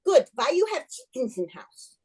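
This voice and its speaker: A woman voicing an old, wise male village rabbi who speaks in broken English with unhurried confidence. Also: high-pitched, big pitch swings, a little mellow, breathy edge, heavily acted. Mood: scolding.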